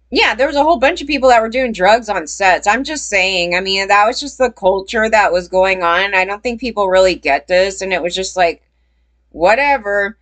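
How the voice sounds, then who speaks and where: A woman's voice: mid-range voice, lively intonation, moderate pace, a bit bright. A woman giving casual commentary on a story, rambling and breaking into heated quotes.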